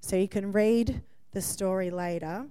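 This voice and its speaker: A woman's voice: mid-range voice, measured pace, clear, resonant tone, no room sound. A woman in her forties preaching a sermon in a conversational style, checking in with the listeners as she talks. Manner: warm, conversational preaching with frequent "yeah?" check-ins and laughs.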